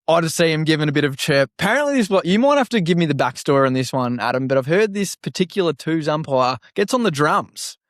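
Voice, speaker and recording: An Australian man co-hosting a podcast, telling an animated story, swearing and laughing often. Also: a little high, fast, hardly any pauses, dry recording, clean studio sound. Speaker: podcast co-host. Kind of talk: casual chat.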